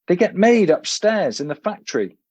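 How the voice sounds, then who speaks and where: A man's voice: high voice, big pitch swings, moderate pace, a little mellow, breathy edge, dry recording, pitched above the performer's own voice, exaggerated voice. A man doing a prim old English professor. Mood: huffy. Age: older. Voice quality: prim, clipped, indignant. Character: fussy elderly English professor turned toy maker.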